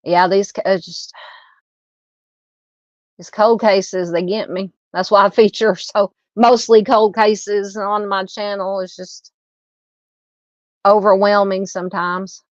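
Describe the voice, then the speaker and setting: A woman in her fifties with a Southern accent hosts a true crime channel, taking her time and pausing often as she casually chats and reads comments during a live stream, full of fillers and restarts. Her voice is medium-pitched with fairly even intonation. The recording is muffled, with no room sound.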